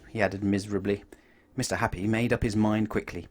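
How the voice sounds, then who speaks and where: A man reading a picture book aloud to children in an expressive, animated way. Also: fairly low pitch, fast talker. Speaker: children's story reader.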